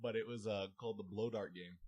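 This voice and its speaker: A man's voice: fairly low pitch, fast, muffled recording. A young man, a podcast co-host, telling a school story in casual chat, acting out voices and laughing often. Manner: animated storyteller, acts out voices loudly, laughs a lot.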